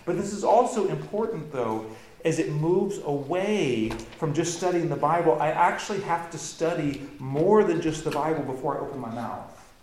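A man's voice: a little high, expressive, normal speed, a little mellow, reverberant, slight background noise, rough recording. Emphatic male pastor preaching. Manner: earnest, emphatic preaching with rising intensity. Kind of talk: sermon.

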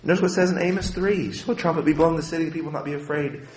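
Pastor guy preaching, gets fired up then goes quiet, kinda high voice, roomy echo. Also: fairly even intonation, racing, crowd noise. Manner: impassioned, swings from quiet to loud. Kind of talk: sermon.

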